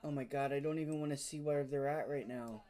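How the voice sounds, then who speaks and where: A man's voice: medium pitch, fairly even intonation, a little fast, mellow. A man hosting a live day-trading stream, frustrated and swearing, muttering to himself as he talks to viewers. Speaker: day trading livestream host.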